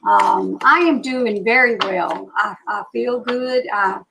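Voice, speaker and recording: Slow-drawling Southern woman in her sixties. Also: mid-range voice, vocal fry, noisy background. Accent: Southern US (Alabama). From Alabama, US. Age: 60s. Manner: chatty, slow Southern drawl, greeting viewers by name. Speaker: psychic reader hosting a live stream. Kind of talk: casual live-stream chat with viewers.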